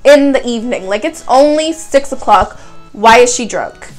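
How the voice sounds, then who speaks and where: A woman's voice: a little high, normal speed, low-quality recording. Young woman telling a story, faint music. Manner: animated retelling, heavy use of "like", voices other people's lines. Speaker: vlogger. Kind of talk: casual storytime vlog.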